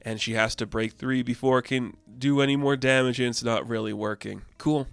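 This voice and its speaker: A young man talks through a comic book story in a loose, chatty way. His voice sits in a middle register and sounds dry and close. He jumps into the characters' lines with lively shifts in pitch. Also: brisk, creaky, smooth, no echo, soft background music. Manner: animated, acts out characters' lines. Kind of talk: casual recap of a comic.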